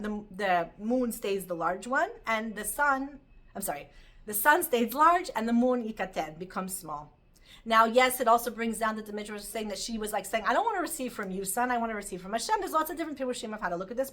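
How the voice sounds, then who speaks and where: A woman teaching a Torah class, telling stories with lively energy and sprinkling in Hebrew terms. Her voice is bright and clear and sits a bit high. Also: brisk. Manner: animated storytelling, mixes Hebrew terms.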